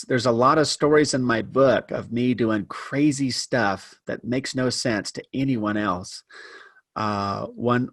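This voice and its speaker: A man telling a personal story as a podcast guest, animated and self-deprecating, shifting his pace for effect. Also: medium pitch, no echo, clean studio sound. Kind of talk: casual storytelling interview.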